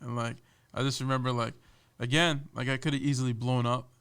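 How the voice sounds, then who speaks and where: A man chatting on a podcast, spinning an animated story about an old job. His voice is smooth and resonant, with a middle pitch for a man. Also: a little fast. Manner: lively, animated, slips into voices of people he quotes. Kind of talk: casual storytelling chat.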